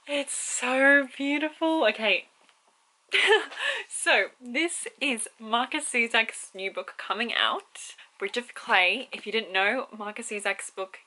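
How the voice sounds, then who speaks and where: A young woman in her twenties, vlogging casually about books and gushing with excitement, laughing often. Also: mid-range voice, low-quality recording. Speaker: book vlogger. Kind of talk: casual vlog chat.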